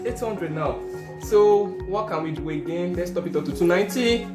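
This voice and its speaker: A man talks casually to camera, swings between pleading, counting and swearing, and gets excitable. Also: sits high, moderate pace, reverberant, loud music behind the voice. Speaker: gambling vlogger. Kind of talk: casual narration and live reactions.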